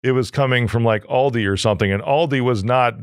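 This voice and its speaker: A man's voice: mid-range voice, fast talker. A man hosting a podcast, easygoing and friendly, calling his guest brother. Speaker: podcast host. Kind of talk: casual interview chat.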